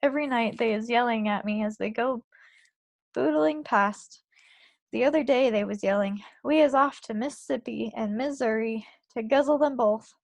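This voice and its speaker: Woman reading a soft-hearted big giant, garbled grammar, slightly high, gravelly, dry sound. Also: normal speed, dry recording. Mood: grumbling. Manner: ungrammatical speech full of made-up words. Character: big gentle male giant, sad and kindly. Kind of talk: reading a children's book aloud.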